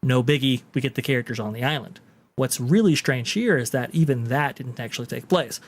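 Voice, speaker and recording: A man's voice: medium pitch, fairly quick. A man hosting a podcast, casually commenting on video clips in a chatty, explanatory way. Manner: chatty, explanatory, with frequent fillers. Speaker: podcast host.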